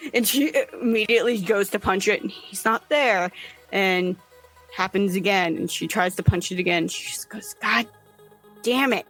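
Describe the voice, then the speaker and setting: Slow-narrating woman game master. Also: medium pitch, low-quality recording. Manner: measured, storytelling.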